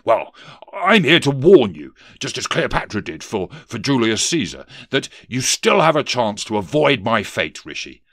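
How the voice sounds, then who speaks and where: A man voicing a bumbling, pompous male ghost in chains, loud and stammering. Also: medium pitch, big pitch swings, normal speed, dry recording, clean studio sound. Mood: blustering.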